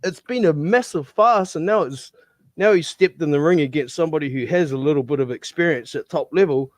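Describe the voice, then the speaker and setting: Man, boxing chat, scornful, mocking, fairly high voice, dry sound. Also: a little fast, no echo.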